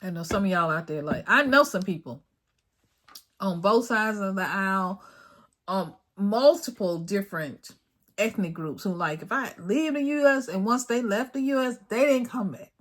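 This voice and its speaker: A woman's voice: mid-range voice, animated, moderate pace, fairly bright tone. A middle-aged woman hosts her own video and talks straight to her audience in a casual, emphatic way. She drives her points home by repeating them and calls her viewers y'all. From United States. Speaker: video host. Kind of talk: casual talk to camera.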